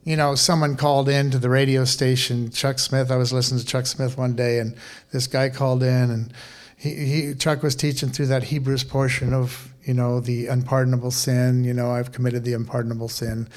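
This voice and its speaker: A man pastor preaching a sermon in a conversational, animated way, with casual asides and questions to the congregation. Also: mid-range voice, moderate pace.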